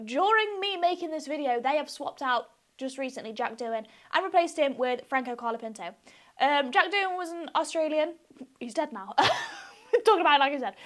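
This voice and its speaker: A woman's voice: sits high, a bit bright. A young woman chatting casually in a vlog, gushing, giggly and self-deprecating. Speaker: vlogger.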